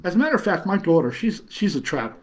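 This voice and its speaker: A man's voice: sits high, sing-song, very fast. A middle-aged man, hosting a casual livestream and reading chat comments in a rambling, chuckling way with many fillers. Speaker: horror host reading live chat.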